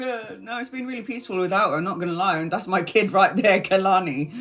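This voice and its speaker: A woman's voice: medium pitch, fairly even intonation, a little fast, few pauses, a bit bright, soft background music. A woman in her forties chatting casually on a live stream, self-mocking, swearing and laughing often. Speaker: tarot reader live-streaming.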